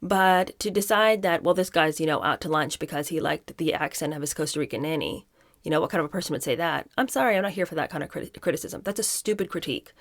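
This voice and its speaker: A woman with a slightly low voice hosts a podcast, taking turns between reading passages from a book and talking straight to her listeners with blunt opinions. The sound is close and dry, with no room around her. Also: quick pace, no echo. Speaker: podcast host. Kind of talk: reading a book aloud and commenting on it.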